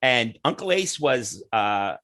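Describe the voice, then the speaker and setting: A man from Nova Scotia, Canada, telling stories as a podcast guest in an animated way. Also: medium pitch, takes it slowly. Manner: animated, acts out characters. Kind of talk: casual storytelling.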